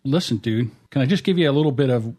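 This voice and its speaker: A man hosting a casual podcast, talking into a studio mic in a voice of ordinary middle pitch. He tells stories in a blunt, rambling way. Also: animated, fast, darkish tone. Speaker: podcast host. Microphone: dynamic studio mic.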